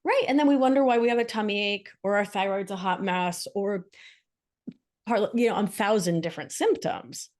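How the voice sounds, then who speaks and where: A woman guest in an interview, talking expressively about her practice and telling animated stories. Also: medium pitch, moderate pace. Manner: expressive, animated storytelling with acted quotes. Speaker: guest, somatic practitioner and author. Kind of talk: casual interview chat.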